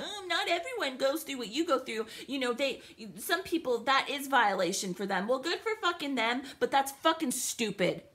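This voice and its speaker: A woman's voice: high-pitched, pushed and bright. A young woman venting in an angry, profane, sarcastic rant to the camera, upset and livid. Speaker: vlogger.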